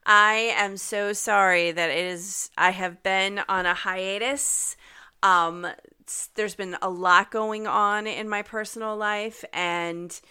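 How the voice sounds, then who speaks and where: Brief: upbeat woman podcast host, slightly nasal and getting over an illness, bright and clear. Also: medium pitch, fairly even intonation, slow pace. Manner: chatty and upbeat, frequent ums. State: recovering from illness, occasional cough. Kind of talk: casual podcast monologue.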